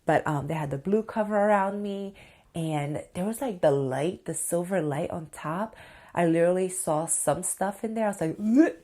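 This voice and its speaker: A woman in her thirties telling a personal story to her viewers in a casual, excitable way, full of fillers and asides to her audience. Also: lowish voice, moderate pace. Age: 30s. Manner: excitable and chatty, full of "like" and "you guys". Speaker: vlogger.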